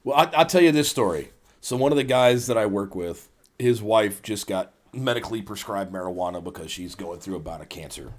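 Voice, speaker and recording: A man hosting a casual podcast chat, telling stories in a profane, animated way. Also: lowish voice, brisk. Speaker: podcast host.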